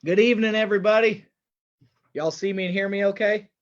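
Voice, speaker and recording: A man's voice: sits high, steady tone, a little fast, slight background noise. A man hosting a live online wellness workshop, upbeat and chatty, with filler words, heard through a computer mic on a video call. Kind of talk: live webinar talk. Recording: dull lo-fi video call audio.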